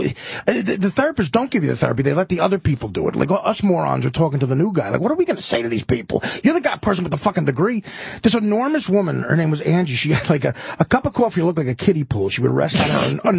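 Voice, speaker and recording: A male comedian on a radio talk show, telling crude stories in an animated, laughing way. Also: fairly high pitch, vocal fry, husky, no room sound, muffled recording. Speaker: comedian guest.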